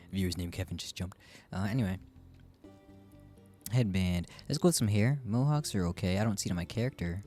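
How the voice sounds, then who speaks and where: Low-pitched guy streaming a game, rambly and chatty, faint music behind. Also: expressive, normal speed, pauses often, warm tone. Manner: chatty, rambling, self-deprecating. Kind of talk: casual gameplay commentary.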